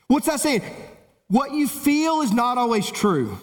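A man preaching a sermon, swinging between urgent raised lines and low solemn ones as he reads and explains scripture. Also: sing-song, takes it slowly. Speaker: pastor. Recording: long hall reverb.

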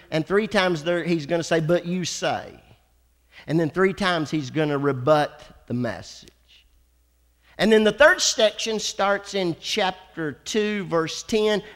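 A male pastor preaches with a high voice, stretching key words and pausing for effect. He asks his congregation for an amen now and then. His voice rings through the long reverb of a church hall. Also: a bit bright. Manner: dramatic preacher, slows and drawls for emphasis, calls for amens. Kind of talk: sermon. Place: church sanctuary.

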